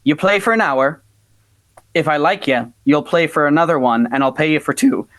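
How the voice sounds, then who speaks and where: Man doing a small old Irish landlady, white-haired, stern, gruff, testing, no-nonsense. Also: fairly high pitch, moderate pace, a bit bright, no room sound, lightly acted. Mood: businesslike.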